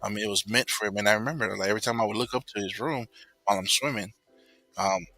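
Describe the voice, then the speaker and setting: A man casually telling a personal story, rambling and filling pauses with "you know.". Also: on the low side, bright, forceful tone, soft background music, rough recording.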